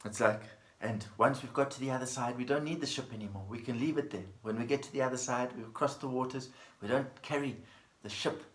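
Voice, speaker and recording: A man teaching a dharma talk as a Buddhist teacher, speaking gently in a storytelling manner and repeating plain phrases. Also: medium pitch, fairly quick, hardly any pauses. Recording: echoey room.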